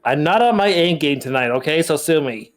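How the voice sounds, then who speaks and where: A man's voice: a little high, expressive, brisk. Wry man chatting on a call. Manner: laid-back, wry, self-deprecating. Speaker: friend on the stream. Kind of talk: casual chat on a voice call.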